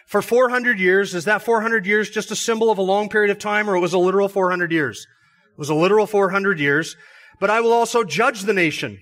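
A man's voice: high-pitched, fairly bright tone. A pastor preaching an expository sermon, explaining a passage step by step and asking his listeners rhetorical questions. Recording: church sermon audio.

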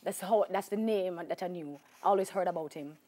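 A woman's voice: on the low side, brisk. A woman with a Jamaican accent, a talk show guest telling her life story with emphatic repetition. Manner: animated storyteller, acts out voices, emphatic repetition.

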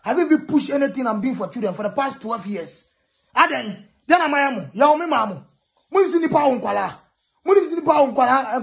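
A man's voice: very high-pitched, creaky, a bit bright. A Ghanaian man ranting in a taunting way, mixing English, pidgin and Twi. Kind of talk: ranting video message.

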